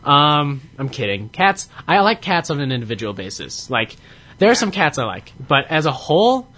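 Bright-voiced man in casual rambling chat. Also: on the high side, big pitch swings, moderate pace. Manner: rambling, swears freely, laughs at own jokes. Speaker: podcast co-host.

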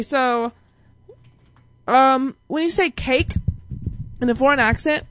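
A woman's voice: high voice, takes it slowly, pauses often, noisy background. A woman in casual chat, joking and rambling playfully between half-finished thoughts.

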